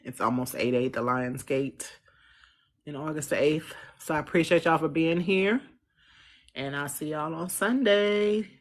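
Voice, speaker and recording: A relaxed astrologer chats through a live stream on a phone. The voice sits at a middle pitch, with loose slang and easy laughter while answering viewers. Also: measured pace. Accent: Central US. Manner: chatty, answers viewer comments. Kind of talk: casual livestream chat.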